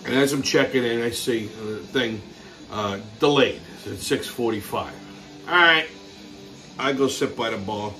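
A man's voice: mid-range voice, normal speed, pushed and bright, faint music behind. A man hosting his own show, ranting crudely and swearing nonstop in an exasperated comedic way. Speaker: podcast host. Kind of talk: profane comedic rant.

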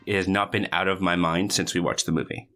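A man guesting on a podcast, playful and animated, swearing for effect. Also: deep voice, quick pace, faint music behind. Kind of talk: casual podcast chat.

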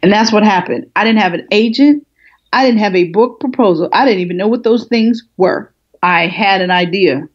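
A woman's voice: medium pitch, normal speed. A woman guest, a small business expert, telling her story in a casual interview and acting out what people said. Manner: animated storyteller acting out quotes. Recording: muffled lo-fi audio.

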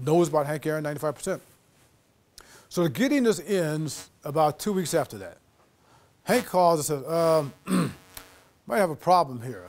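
Middle-aged guy guest lecturing, lively storyteller voice, bit high, swoops all over doing the other people's lines. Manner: animated storyteller acting out quoted dialogue. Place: lecture hall.

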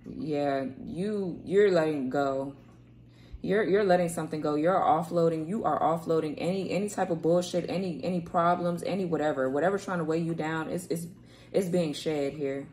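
A woman's voice: sits low, moderate pace, darkish tone, a little hiss or hum. A woman reading tarot cards to camera in a loose, rambling way, repeating words and swearing casually. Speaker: tarot reader. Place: home room, kids heard playing outside.

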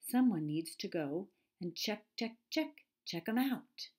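A woman voicing an excitable storybook squirrel that chatters and repeats its words. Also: mid-range voice, takes it slowly, husky, voice pushed up. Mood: excited.

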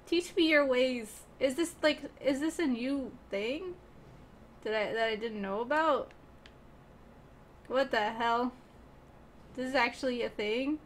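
Giggly high-voiced young woman streamer. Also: a little slow, pauses often, a little hiss or hum. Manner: giggly, playful, talks to chat and teammates. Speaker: gaming streamer. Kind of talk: casual gameplay commentary.

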